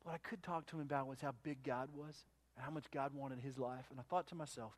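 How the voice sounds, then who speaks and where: A man preaching in a church, speaking in a fairly high voice. He talks casually, restarting sentences and acting out both sides of a conversation as he tells the story. It sounds like plain sermon storytelling. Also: brisk. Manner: conversational, restarts and quotes himself. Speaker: pastor.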